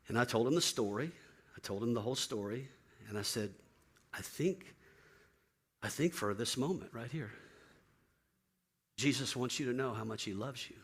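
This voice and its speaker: A man's voice: medium pitch, normal speed, long pauses, husky. A man who is a pastor, telling a personal story in a sermon and acting out the voices of the people in it. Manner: animated storyteller, acts out quoted voices.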